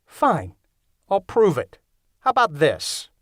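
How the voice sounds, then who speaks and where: A man's voice: on the high side, wildly swooping pitch, slow, dry recording, voice pushed up, exaggerated voice. A man voicing a nervous, exasperated young vampire, close to his own reading voice.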